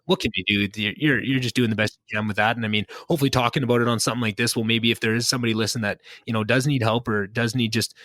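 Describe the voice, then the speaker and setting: A man's voice: mid-range voice, steady tone, racing, hardly any pauses, a bit bright, no echo, studio quality. A young man hosting a casual podcast catch-up, talking earnestly and reflectively with lots of fillers. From Canada. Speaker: podcast host.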